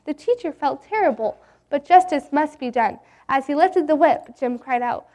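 A woman reading a Bible story aloud in an earnest, gentle way. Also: sits high, lively intonation, moderate pace.

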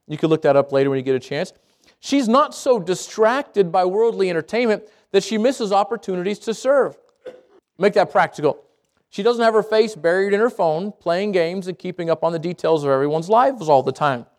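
A man preaching a sermon to a congregation, lively and conversational, with jokes, asides and quick self-corrections. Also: sits high. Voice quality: speaks around braces. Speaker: pastor.

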